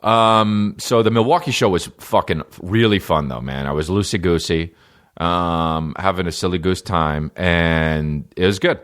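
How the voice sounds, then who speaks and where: A man's voice: low-pitched, a little slow, fairly bright tone, smooth. A man from New Jersey, a comedian hosting his podcast, talking in a rambling, playful, profane monologue.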